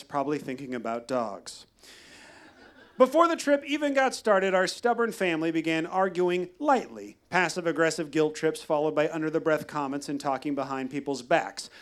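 A man telling a wry, deadpan personal story at a live storytelling show. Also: on the high side. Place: live venue.

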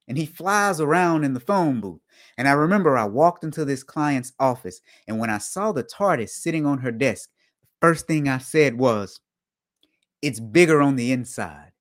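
A man hosting a casual live talk show for auditors, dry in his humor, repeating his points and jumping up in pitch and volume to stress them. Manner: animated, jumps up in pitch and volume for emphasis. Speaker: host of an online show for auditors.

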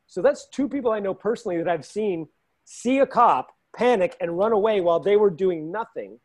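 Man, high voice, animated storyteller, coach in a casual panel chat. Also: fairly quick. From Los Angeles. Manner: animated, acts out quotes with raised pitch. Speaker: fight coach and show regular.

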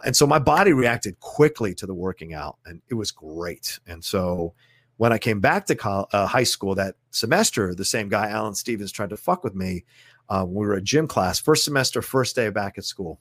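A man who is a podcast guest, telling a personal story in a blunt, profane, animated way, recorded close to a studio mic. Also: mid-range voice, no room sound. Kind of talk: casual storytelling in conversation.

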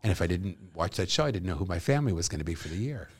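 A man's voice: sits low, very fast, a little hiss or hum. A middle-aged man, an actor, telling stories animatedly in a casual conversation. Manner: animated, expressive storyteller with laughs. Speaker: actor guest.

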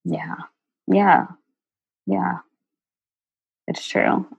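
Creaky, husky-voiced woman, halting and emotional guest, dry close sound. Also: on the low side, level tone, no echo, lo-fi sound. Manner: halting, many fillers and restarts, emotional. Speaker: interview guest. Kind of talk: candid personal storytelling.

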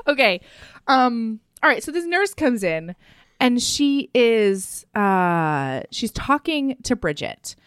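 A woman co-hosting a podcast, recapping a romance novel in casual chat, animated and profane, often laughing. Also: a little high, slow, clean tone, no echo, studio quality. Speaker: podcast co-host.

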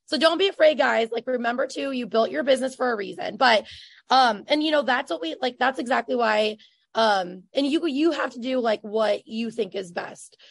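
A chatty woman in her thirties hosts a casual podcast, talking in quick, effusive bursts full of fillers. Her voice sits a little high, and the recording is close and dry with no room around it. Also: vocal fry, dry recording. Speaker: podcast host and business coach.

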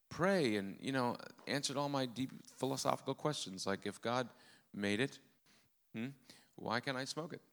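A man's voice: medium pitch, fairly bright tone. A man preaching a testimony sermon, telling his story in an earnest way with a dry, self-mocking humor.

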